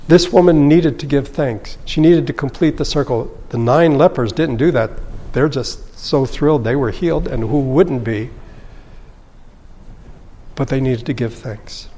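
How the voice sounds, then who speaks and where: Male Bible teacher, mid-pitched, reads then explains casually; reverb-heavy room. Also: unhurried, warm tone. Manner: reads scripture aloud, then comments in a conversational, explanatory way. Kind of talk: Bible study lesson.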